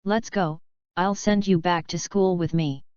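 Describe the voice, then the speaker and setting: A woman's voice: lowish voice, steady tone, measured pace, a little mellow, clean tone, no echo, dull audio, lightly acted. A woman reading the lines of a clever, teasing teenage girl in a fanfiction audiobook.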